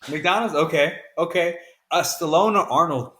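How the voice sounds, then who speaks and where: A man from the American South chats loosely with a friend on a podcast. His voice is bright and a little high, and he rambles through fillers and keeps tossing in "man" as he goes. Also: normal speed. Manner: laid-back, says "man" often, rambling with fillers. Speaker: podcast co-host. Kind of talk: casual chat.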